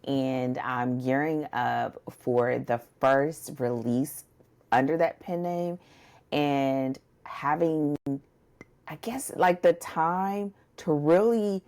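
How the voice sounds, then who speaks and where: A woman with a very low, gravelly voice co-hosts a book podcast. She talks casually and loosely, full of fillers and asides to her listeners. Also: takes it slowly, darkish tone. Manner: chatty, drawls "y'all, listen", many fillers. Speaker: podcast co-host and book coach. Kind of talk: casual chat.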